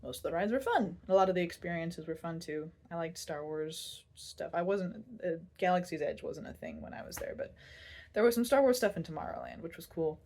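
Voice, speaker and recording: A woman's voice: fairly low pitch, expressive, fairly quick, a little mellow. Candid young woman telling a personal story. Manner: candid, self-deprecating, laughs now and then, rambling restarts. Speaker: vlogger.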